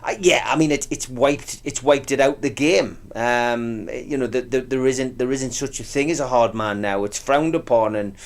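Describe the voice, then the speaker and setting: A man's voice: medium pitch, moderate pace, hardly any pauses. A man, co-hosting a casual football chat show in a rambling, restart-filled way. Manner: rambling, many restarts, nostalgic. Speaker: radio co-host. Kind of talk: casual sports banter.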